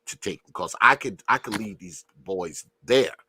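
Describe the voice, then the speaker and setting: A man's voice: on the low side, expressive, a little slow, pushed and bright, husky. A man in his fifties, a grandfather, chatting casually on a podcast, easygoing, leaning on "you know" and cursing freely. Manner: laid-back, leans on "you know", swears freely.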